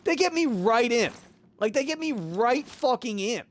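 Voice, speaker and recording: A man's voice: very high voice, unhurried. A man telling a story casually on a live game stream, exasperated and profane, muttering to himself as he plays. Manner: profane, exasperated, animated retelling.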